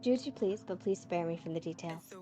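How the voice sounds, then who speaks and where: A woman voicing a blunt, vengeful warrior chieftain in a game, with a put-on drawling accent and a slow, menacing delivery. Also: on the low side, music in the background, close to an everyday voice. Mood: threatening. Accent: rough put-on drawl.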